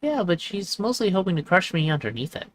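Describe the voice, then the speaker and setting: An eager little dog with a squeaky, excited voice, done by a man. He brags about his barking in quick, bouncing bursts. He sounds far higher than any grown person. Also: slight background noise. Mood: worried.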